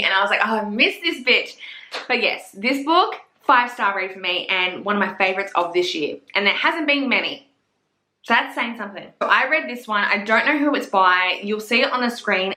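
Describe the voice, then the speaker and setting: A woman's voice: medium pitch, sharp tone, roomy sound. A woman chatting casually as a book reviewer, gushing and swearing freely. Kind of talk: casual chat.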